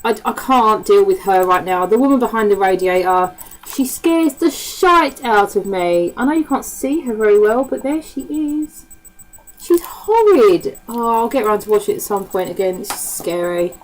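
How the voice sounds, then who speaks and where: A woman with a Cockney accent talks casually to camera in an easygoing, rambling way. She swears freely and fills her talk with ums and little asides. Her voice sits in a middle pitch. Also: lively intonation, normal speed, rough recording. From East End of London. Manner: chatty and swears freely, with frequent laughs and fillers. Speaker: vlogger. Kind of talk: casual chat.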